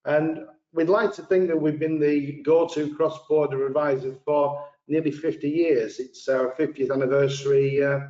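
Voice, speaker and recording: A man who directs a region for a financial advice firm introduces his company on a webinar. His voice is on the higher side and he talks in a measured, corporate way. The sound is roomy and dull. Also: fairly even intonation, warm tone.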